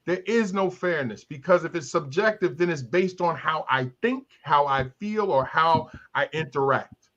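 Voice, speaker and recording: Animated storytelling man in his fifties. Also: fairly high pitch, normal speed, lo-fi sound. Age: 50s. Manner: storytelling, acts out voices of others. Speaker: talk show host. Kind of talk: candid panel discussion.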